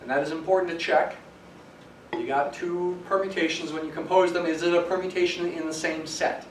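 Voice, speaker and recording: A male math professor gives a classroom lecture, explaining step by step and stressing key words. His voice is on the high side, steady in tone, and fairly quick. It's recorded from some distance in an echoey classroom, with faint hiss.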